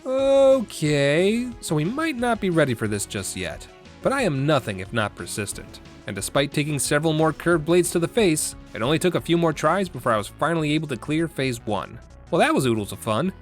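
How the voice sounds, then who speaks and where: Brief: young male gaming host, lively sarcastic delivery, faint music behind. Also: a little high, moderate pace. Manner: sarcastic, playful, jokey. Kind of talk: scripted comedic gameplay narration.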